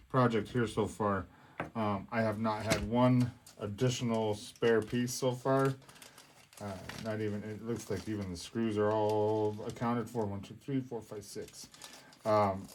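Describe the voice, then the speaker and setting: A man's voice: fairly low pitch, a little mellow, slight background noise. A man talking casually while building a hobby kit, with lots of fillers and frequent swearing. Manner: casual and profane, with many fillers. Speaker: hobby vlogger.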